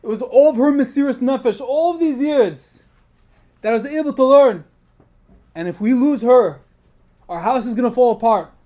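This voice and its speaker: A desperate older man in his late sixties, as a male preacher puts him on, pleads through tears. He sounds high-pitched and forceful, and he keeps insisting that he will not be turned away. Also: animated, moderate pace, long pauses. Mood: pleading.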